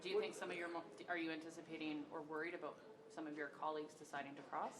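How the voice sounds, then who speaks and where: Lady reporter pushing questions quick and lowish, crowd noise all around. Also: flat delivery. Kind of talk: press scrum questions.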